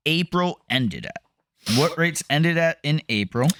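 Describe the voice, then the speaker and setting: A man's voice: fairly high pitch, lively intonation, measured pace, fairly bright tone, smooth, no room sound. Profane, laughing man on a dry mic. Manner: loose and profane, often laughing. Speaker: co-host of a real estate market update. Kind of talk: casual podcast chat.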